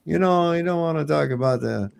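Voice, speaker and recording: A man's voice: fairly high pitch, fairly quick, vocal fry. A man hosting a live stream, chatting loosely and cracking jokes. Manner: loose, jokey, slips into silly voices. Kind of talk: casual joking chat.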